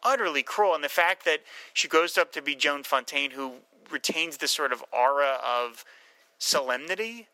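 A man talking films with a very bright, forceful tone, lively and quick to act out scenes in little quoted voices. The recording is dry and close, with no room sound. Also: fairly high pitch, clear, resonant tone, no room sound, poor audio. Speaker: film discussion co-host. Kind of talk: casual film discussion.

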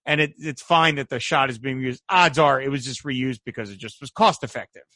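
A man's voice: medium pitch, brisk, no echo, clean studio sound. A man co-hosting a podcast, chatting casually about an old movie and acting out lines in quoted voices. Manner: animated, acts out quoted voices. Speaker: podcast co-host. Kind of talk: casual film discussion.

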